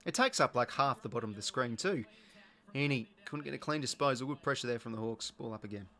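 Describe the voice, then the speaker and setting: A young Australian man hosts a casual live watch-along, talking through the game and reading out comments from viewers. His voice is medium-pitched, fast, pushed and bright, and his chatty delivery is full of fillers.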